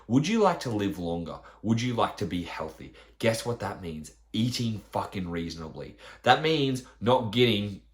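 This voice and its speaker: A man, a fitness trainer, ranting bluntly on his podcast with lots of swearing and rhetorical questions. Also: on the low side.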